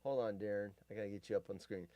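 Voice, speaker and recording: A man's voice: on the low side, very fast, dark tone, no echo. A man hosting a casual live stream, grumpy and profane, ranting and rambling.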